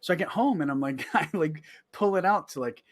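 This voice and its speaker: A man's voice: fairly high pitch, expressive, brisk, no room sound, clean studio sound. A man hosting a casual podcast from his home, telling rambling stories and laughing often, with headphones on. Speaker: podcast host. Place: at home, downstairs. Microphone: wearing headphones.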